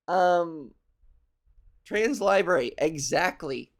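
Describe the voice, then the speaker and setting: A woman in her thirties hosting a comedy show, rambling through a loose, profane monologue, laughing at her own jokes and putting on quick silly voices. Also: on the low side, animated. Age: 30s. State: hungover. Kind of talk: loose stand-up style monologue.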